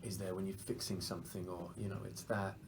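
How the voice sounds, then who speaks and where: A man's voice: deep voice, flat delivery, a little fast, background noise. A man with an English accent, an actor chatting animatedly in a press interview and laughing often. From England. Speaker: actor guest.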